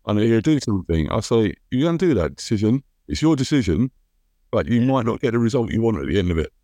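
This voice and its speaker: A man hosting a podcast, chatting in a relaxed, agreeable way. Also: on the low side, fast talker, no room sound, clean studio sound. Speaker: podcast host. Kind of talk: casual conversation.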